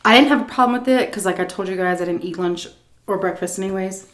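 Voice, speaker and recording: A woman's voice: mid-range voice, quick pace. A woman food vlogger telling a story in a chatty, casual way while she eats, often breaking into laughs.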